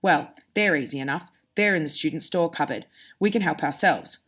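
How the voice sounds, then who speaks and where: A know-it-all schoolgirl witch, brisk and bookish, read aloud by a woman. The voice stays close to the reader's own, with a light storybook lift. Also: low voice, fairly bright tone, pitched below the performer's own voice. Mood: busy.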